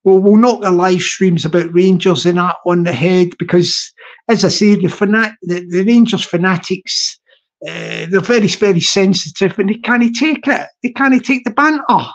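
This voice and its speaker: A man's voice: high voice, normal speed. A man chatting casually on a live stream, rambling and repeating himself, laughing at his own jokes. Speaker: livestream host.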